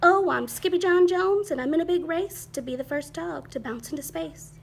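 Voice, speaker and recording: A woman voicing an excitable boy kitten who thinks he is a chihuahua, in a bouncy, exclaiming, sing-song way. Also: very high voice, normal speed, gravelly, slight background noise, voice pushed up. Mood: excited.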